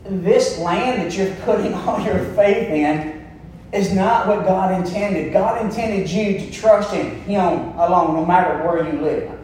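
A man preaching to his congregation in a high voice, emphatic and calling for amens. His voice rings through a very echoey church hall, picked up from well away from the mic. A faint hiss sits underneath. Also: unhurried, a little mellow. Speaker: pastor. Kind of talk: sermon. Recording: echoey room, from far off.

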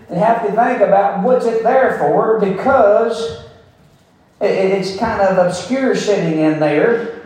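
A man's voice: sits high, a little mellow. A man preaching a sermon in a folksy, emphatic way, repeating phrases for stress. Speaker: pastor. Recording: very echoey room, mic far off.

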